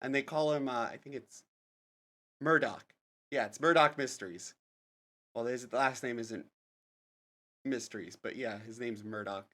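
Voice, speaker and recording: A man's voice: mid-range voice, unhurried, long pauses, a bit bright. Rambling male game streamer. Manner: rambling, self-correcting. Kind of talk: casual live-stream chat.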